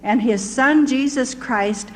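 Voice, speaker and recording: A woman's voice: a little high, takes it slowly, low-quality recording. An older woman, a missionary, telling her story in an earnest, vivid way. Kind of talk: storytelling testimony.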